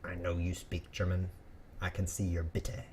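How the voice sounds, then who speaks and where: A man hosting a chess stream, chatting casually and joking through his moves, with sudden bursts and quiet mumbles. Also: low-pitched, completely flat delivery, moderate pace, a little hiss or hum. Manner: playful, jokey, rambling asides. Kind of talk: casual live commentary while playing.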